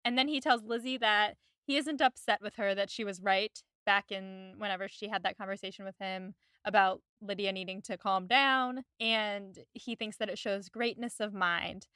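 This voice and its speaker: A woman co-hosting a podcast in casual chat, recapping a TV episode, lively and giggly, acting out lines from scenes. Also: medium pitch, normal speed, few pauses, clear, resonant tone, no echo. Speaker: podcast co-host.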